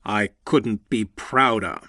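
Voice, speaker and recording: A man narrating an audiobook, voicing a proud older male mentor who speaks with heartfelt, unhurried warmth. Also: on the low side, no room sound, clean studio sound, pitched below the performer's own voice, full character voice. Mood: tender.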